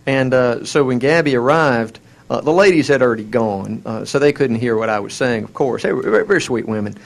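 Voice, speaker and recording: A man's voice: mid-range voice, animated, brisk, gravelly. A man with a Southern American accent, co-hosting a casual chat in a wry, self-mocking way with frequent restarts. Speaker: co-host.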